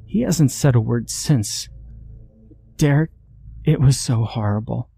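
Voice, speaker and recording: A man's voice: medium pitch, lively intonation, measured pace, dark tone, pitched above the performer's own voice. A man voicing a distraught, exhausted young woman in a horror story, tearful and shaky, breaking off mid-sentence.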